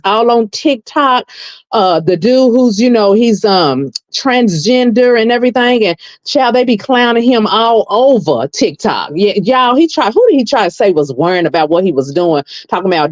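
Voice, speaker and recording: A woman hosting a casual gossip livestream, talking in a sassy, animated way and stretching words out for emphasis. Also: medium pitch, moderate pace, dry recording, muffled recording. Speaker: livestream commentary host.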